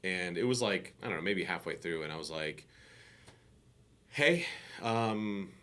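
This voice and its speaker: A man co-hosting a casual podcast chat, telling stories in an animated way and acting out what people said. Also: low voice, a little fast. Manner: animated storyteller who acts out quotes and laughs often. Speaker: podcast co-host and voice director.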